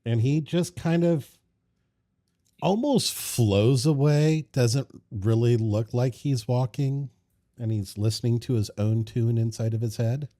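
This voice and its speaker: A man narrating a tabletop game as game master, playful and unhurried. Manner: slow, playful narration with lively pitch.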